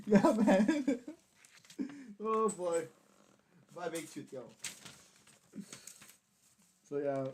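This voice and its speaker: A man's voice: sits high, big pitch swings, extremely slow, pauses often, a little mellow, slight background noise. A young man, chatting on a casual live stream while building a model kit, hyper, giggly, swearing and rambling. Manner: hyper, giggly and profane, rambling self-mockery.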